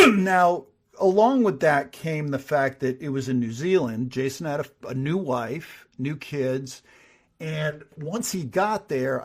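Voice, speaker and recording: A middle-aged man, a writer and producer, telling stories as a podcast guest and acting out the dialogue he quotes. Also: medium pitch. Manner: animated storyteller who acts out quoted dialogue. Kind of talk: casual interview storytelling.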